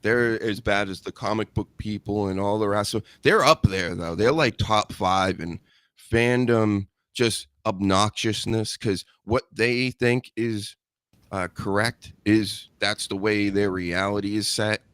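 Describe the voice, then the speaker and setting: A man's voice: fairly low pitch, fairly even intonation, a little slow, fairly bright tone, dry recording. A man hosting a wrestling podcast in casual chat, blunt and sarcastic, swearing freely. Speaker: podcast host.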